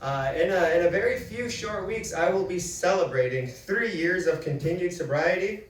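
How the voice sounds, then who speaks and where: A man's voice: high voice, expressive, normal speed. A man from Manitoba doing a self-deprecating stand-up set in a comedy club, laughing through his punchlines. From Manitoba, Canada. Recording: roomy club recording from a distance, audience noise.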